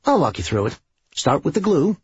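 A man voicing Serge, a manic, brash male schemer in an audiobook, speaking in a quick, excitable, breezy way. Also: on the high side, slightly rough, no echo, dull audio, voice pushed up, heavily acted.

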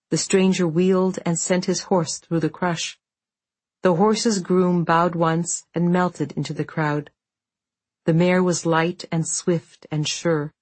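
A woman reading an audiobook in a measured, even storytelling voice, close to the microphone. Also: low-pitched, dry recording. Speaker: narrator. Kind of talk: scripted audiobook narration.

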